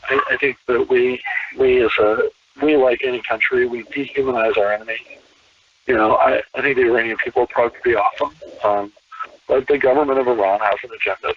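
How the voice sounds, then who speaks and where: A man, a podcast guest, talking in an animated casual way with many restarts and repeated words. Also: medium pitch, breathy edge, no echo, far from the mic. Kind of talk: casual conversation. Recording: tinny phone-line call.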